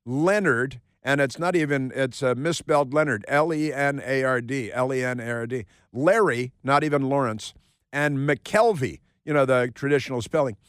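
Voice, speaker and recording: A man's voice: medium pitch, normal speed, a bit bright, clear, resonant tone, no room sound. A man hosting a talk radio show, delivering a mocking, sarcastic monologue with lots of repetition and asides from a studio. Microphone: studio microphone.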